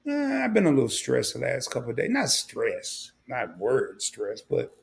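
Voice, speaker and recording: A man's voice: medium pitch, wildly swooping pitch, normal speed, creaky. An older man hosting a livestream, talking candidly and a bit rambling, with emotion coming through. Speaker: livestream host. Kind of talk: casual livestream talk.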